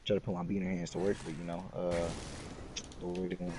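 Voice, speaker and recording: A young man talks in a loose, rambling way over voice chat while he games, swearing freely. His voice sits low, and a clear hiss of noise runs under the line. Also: flat delivery, a little fast. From Latino. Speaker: gaming stream co-host.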